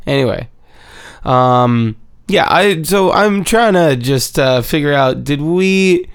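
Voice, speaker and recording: A man's voice: a little high, expressive, slow pace, clear, resonant tone, no echo, studio quality. A man giving a casual, rambling episode recap, full of swearing and playful repetition.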